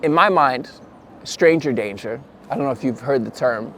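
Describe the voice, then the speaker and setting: A man's voice: mid-range voice, normal speed, fairly bright tone, slight background noise. A young man vlogging to camera, telling a casual, rambling story and correcting himself as he goes. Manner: chatty, rambling, self-correcting; puts on voices when quoting people.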